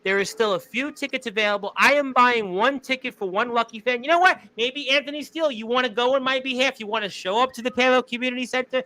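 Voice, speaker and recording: A man hosting a casual talk show with a high, bright voice. He is excitable and laughs often as he chats with guests. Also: quick pace, hardly any pauses. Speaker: host. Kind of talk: casual podcast chat.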